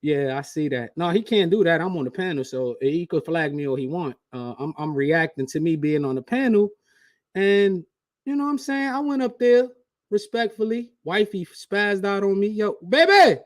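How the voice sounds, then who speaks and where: Casual streamer, a man with a higher voice, loose and slangy, dry close sound. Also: moderate pace, a little mellow, no room sound. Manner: slangy, talks straight to chat. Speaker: channel host. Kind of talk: casual live reaction stream.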